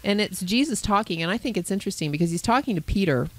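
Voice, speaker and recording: A woman, a Christian counselor co-hosting a podcast, retelling a Bible parable in a lively storytelling way. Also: mid-range voice, fast, no echo, rough recording. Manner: animated storyteller who voices characters. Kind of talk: conversational Bible teaching.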